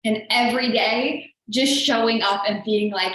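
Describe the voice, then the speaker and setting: A woman's voice: fairly high pitch, measured pace, hardly any pauses, a bit bright. Earnest woman coach in an echoey room. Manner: chatty and earnest, heavy use of "like". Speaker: business coach hosting a live show. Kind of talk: motivational live-stream talk.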